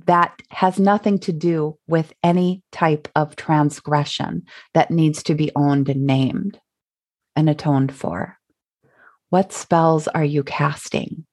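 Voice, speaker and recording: A woman's voice: lowish voice, a little mellow. A middle-aged woman from Minnesota with a Minnesotan accent, hosting her solo podcast in a reflective, chatty way with fillers and small laughs. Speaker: podcast host. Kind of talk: casual solo podcast talk.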